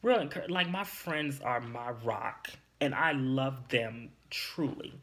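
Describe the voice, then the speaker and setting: A young man talks candidly and confidingly, like a podcast host telling his own story. His mid-range voice is slow and a bit bright, and his telling turns emotional and a little teary, with plain, casual phrasing.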